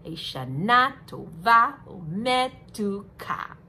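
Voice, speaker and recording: A young woman teaching young children, talking slowly and in a sing-song way, as if to a class of small kids. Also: medium pitch, slight background noise. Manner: animated, sing-song, slow and drawn out for kids. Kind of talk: children's lesson.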